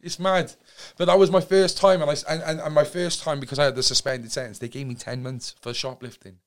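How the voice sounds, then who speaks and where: A man's voice: fairly high pitch, fairly even intonation, fairly quick. A man with a South Wales accent, a podcast guest telling stories in casual chat, swearing freely and rambling with many restarts. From Cardiff, Wales.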